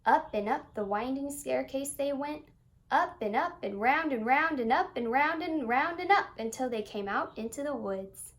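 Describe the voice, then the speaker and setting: A woman reading a children's picture book aloud in an expressive, singsong storytelling manner. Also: sits high, moderate pace.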